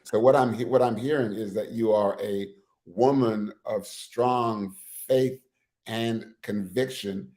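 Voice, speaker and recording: A man's voice: fairly low pitch, fairly even intonation, takes it slowly, dark tone. A man hosting a talk show, asking questions earnestly and often restarting his sentences. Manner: earnest, with frequent restarts and repeated words. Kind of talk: casual interview.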